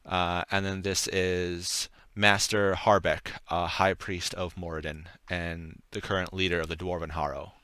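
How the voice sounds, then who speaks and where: A man running a tabletop game as game master, narrating the scene in a relaxed, rambling way with frequent pauses and fillers. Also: deep voice, smooth, no room sound, studio quality. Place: home setup on stream.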